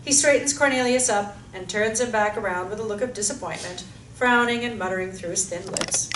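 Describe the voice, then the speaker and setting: A woman reading stage directions aloud in an even, descriptive way. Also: medium pitch, brisk. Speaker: narrator. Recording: echoey room, mic far off, faint hiss.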